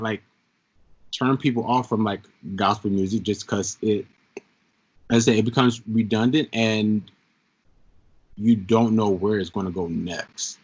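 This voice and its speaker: A man in a podcast chat, explaining his view in an earnest, steady way. His voice is mid-pitched, and the sound is dull and lo-fi. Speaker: podcast co-host. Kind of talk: casual chat.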